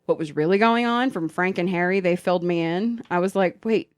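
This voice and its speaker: A woman's voice: on the low side, brisk, smooth. A woman hosting a podcast, telling stories in casual chat with plenty of swearing. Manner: animated, profane storytelling. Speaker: podcast host.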